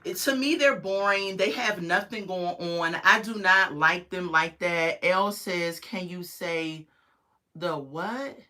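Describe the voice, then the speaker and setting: Chatty woman with a bright, forceful voice. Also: on the low side, slow. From United States. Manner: chatty, opinionated, talks to viewers in chat. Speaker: reality show reviewer hosting a livestream. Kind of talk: casual livestream review.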